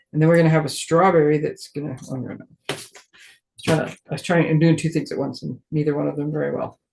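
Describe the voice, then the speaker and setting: A woman with a low, slightly mellow voice and vocal fry leads a casual live crafting demo, explaining each step to her viewers. Friendly and chatty, she muses aloud while she works and teases herself good-naturedly for her clumsiness.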